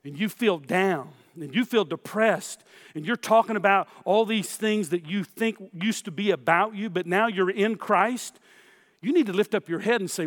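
A man's voice: high-pitched, normal speed, a bit bright, long reverb tail. A man preaching a sermon as pastor, emphatic, with repeated phrases, speaking straight to his listeners.

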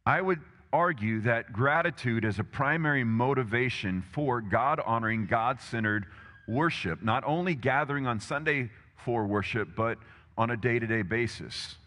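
Guy preaching in a big echoey church, bright voice, talks to the crowd with lots of questions. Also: mid-range voice, lively intonation, moderate pace. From Texas, USA. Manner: emphatic and conversational, with rhetorical questions. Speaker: pastor. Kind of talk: sermon. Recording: long hall reverb.

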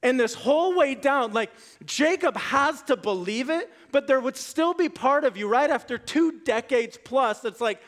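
A man with a notably high voice preaches a lively sermon before a congregation and reads scripture aloud. His delivery is casual and conversational. It swings from soft, hushed asides to loud, emphatic peaks. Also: measured pace. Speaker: pastor. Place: room with a live congregation.

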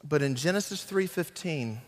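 Earnest preacher in a reverberant hall. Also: male voice, fairly high pitch, animated. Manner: earnest, dramatic delivery with acted quotes and slowed emphasis. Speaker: guest preacher. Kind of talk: sermon.

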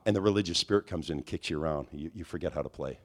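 A man preaching a charismatic sermon, telling stories with animated swings and climbing to high, near-shouted peaks. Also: very fast.

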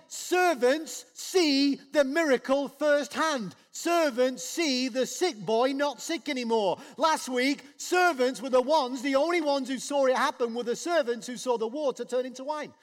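A man preaching a sermon, animated, dropping low and soft then rising loud when acting out the people in the story. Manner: animated, swings from soft to loud acted quotes. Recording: long hall reverb.

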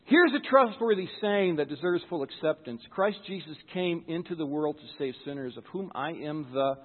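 A man's voice: on the high side, expressive, moderate pace, big-room sound, phone-quality sound. A pastor giving a sermon in church, earnest and conversational, often repeating words as he starts a thought.

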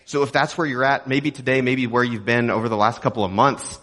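A young adult man from Texas delivers a sermon in a relaxed, conversational way, with a middling pitch. He jokes with the congregation and keeps asking rhetorical questions. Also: fairly quick. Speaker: pastor. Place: church auditorium.

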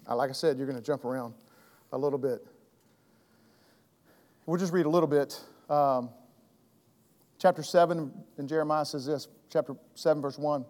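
An earnest Bible teacher leads an evening Bible class in a reverberant hall, his fairly high, darkish-toned voice moving at a moderate pace with frequent pauses. He speaks emphatically, repeating and restarting phrases. He has throat trouble and keeps clearing his throat.

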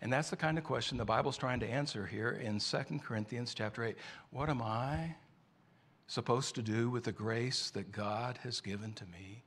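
A man's voice: mid-range voice, moderate pace, a bit bright, slightly rough. A man preaching a sermon, telling a story in a conversational way.

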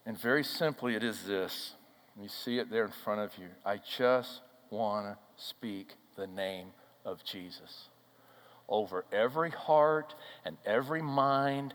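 A male pastor preaching a sermon and telling a story, swinging from loud declarations down to soft, hushed lines. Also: lowish voice. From Minnesota, USA. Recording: hall reverb.

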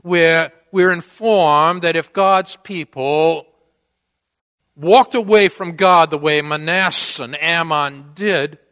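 This pastor's voice is on the high side, sharp, clear, and resonant, and he preaches slowly. His sermon includes a story with dramatic acted quotes, recorded with long church-hall reverb.

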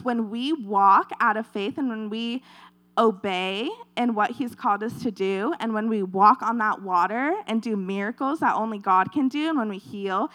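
A woman's voice: fairly high pitch, fairly bright tone. A woman giving an earnest devotional talk, retelling a scripture story in a conversational preaching style and repeating her points.

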